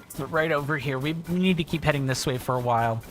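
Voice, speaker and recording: A man's voice: fairly high pitch, fairly quick, soft background music. A man from the American South with a Southern drawl, chatting and rambling in a self-deprecating way while commentating a game on a livestream. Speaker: game streamer.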